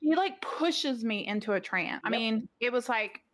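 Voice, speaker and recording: A woman's voice: a little high, expressive, normal speed, fairly bright tone. A middle-aged woman, a podcast guest, telling a story in casual conversation, rambling with lots of "like" fillers and restarts.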